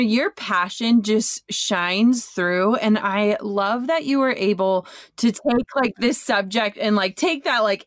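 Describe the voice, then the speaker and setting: A young woman with a mid-pitched voice hosts the conversation, answering her guest with encouraging enthusiasm. The recording is dry and close to the mic, with no room echo. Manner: warm, affirming, enthusiastic. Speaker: podcast host. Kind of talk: casual interview talk.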